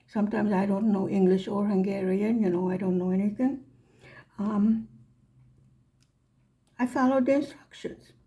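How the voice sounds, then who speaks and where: A woman's voice: mid-range voice, steady tone, moderate pace, pauses often, mellow. A woman telling a chatty, self-deprecating story about her knitting, acting out the other voices in each exchange. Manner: chatty, self-deprecating, acts out quoted dialogue. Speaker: knitting vlogger. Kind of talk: casual storytelling.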